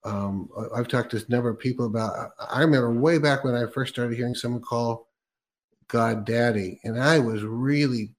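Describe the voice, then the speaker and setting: A man hosting a relaxed faith interview in an ordinary middle-pitched voice. He chats loosely, laughing often and filling pauses with ums and restarts. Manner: chatty, laughs often, many fillers and restarts. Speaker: host.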